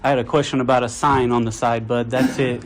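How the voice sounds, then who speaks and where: A man's voice: mid-range voice, little pitch movement, brisk, rough recording. A man talking to his own camera, indignant and complaining as he films a dispute. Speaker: video-recording visitor. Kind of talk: self-narrated confrontation vlog.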